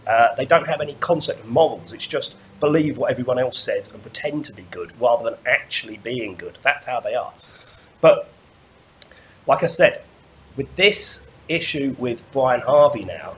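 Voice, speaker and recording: A man's voice: medium pitch, lively intonation, moderate pace, fairly bright tone, slight background noise. A man talks in a middling voice through a long monologue rant. He rambles and trips over his own restarts. He swears freely as he goes. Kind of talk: ranting monologue.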